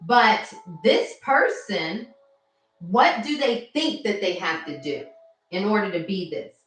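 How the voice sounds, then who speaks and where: A woman mindset coach on a phone livestream, talking casually and warmly to viewers and reading their comments aloud. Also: mid-range voice, expressive, slow. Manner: warm, chatty, addresses viewers directly and reads their comments aloud. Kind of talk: casual motivational livestream talk. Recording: very echoey room with faint music.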